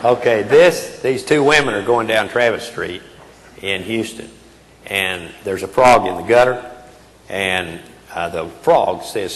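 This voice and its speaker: A man's voice: on the low side, unhurried. A man in his eighties giving a keynote speech in a folksy, emphatic way with frequent hesitations. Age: 80s. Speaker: keynote speaker. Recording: reverberant hall, faint noise.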